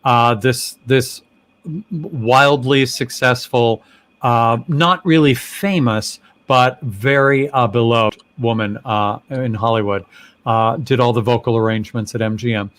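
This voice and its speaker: A man's voice: medium pitch, a bit bright. A man hosting a casual video-call chat, chatty and laughing easily, drawing out his words. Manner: chatty, laughing, slow and drawn out. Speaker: host.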